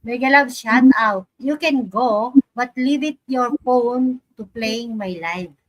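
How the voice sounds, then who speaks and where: Slow-talking woman on a live stream. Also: fairly high pitch, fairly bright tone, low-quality recording. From Philippines. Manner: chatty, reads viewer comments aloud, laughs often. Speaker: vlogger hosting a live stream. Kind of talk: casual live-stream chat.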